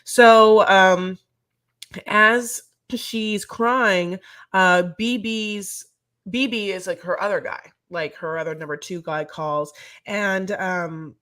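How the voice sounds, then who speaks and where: A woman co-hosting a podcast, recapping a reality show in casual chat as an animated, rambling storyteller. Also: mid-range voice, slow. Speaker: podcast co-host.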